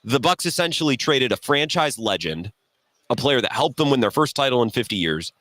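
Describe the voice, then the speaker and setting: Animated sports radio host. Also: male voice, mid-range voice, fairly quick, no room sound. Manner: animated, self-deprecating storytelling. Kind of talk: casual sports talk radio monologue. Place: radio row broadcast table.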